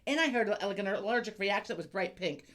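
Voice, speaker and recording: Brief: animated woman co-host, lively pitch, salty, quick storyteller. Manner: profane, animated storytelling with laughs. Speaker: podcast co-host. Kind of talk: casual chat.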